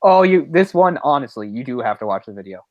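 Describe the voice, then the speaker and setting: A man's voice: mid-range voice, big pitch swings, fast, no room sound, muffled recording. A man co-hosting a movie podcast, talking in a rambling, casual way with lots of fillers and restarts. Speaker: podcast co-host. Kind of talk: casual chat.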